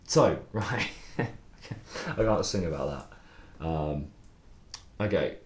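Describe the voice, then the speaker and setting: A man's voice: sits low, expressive, very slow, echoey room. A young man who writes songs, chatting loosely during a stream, rambling and swearing with frequent laughs. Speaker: songwriter streaming his writing process. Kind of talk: casual livestream chat.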